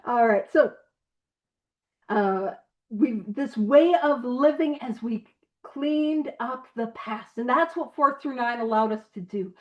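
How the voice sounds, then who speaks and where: A woman with a high voice leads an online recovery book study, playful and animated, often slipping in laughing asides. Her audio comes through a video call and sounds slightly dull and lo-fi. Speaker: study group leader.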